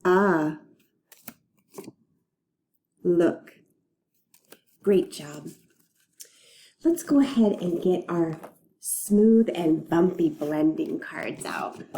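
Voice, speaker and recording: Slow, patient woman teaching phonics. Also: lowish voice, mellow. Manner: slow, patient, clearly sounding out letters and words. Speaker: reading teacher. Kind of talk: recorded phonics lesson for young children.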